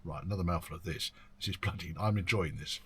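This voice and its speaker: An older man who owns a classic car workshop and hosts a video channel talks to camera about his year of work. His low voice is fast, a bit bright and husky, and he rambles chattily with frequent ums and mild swearing.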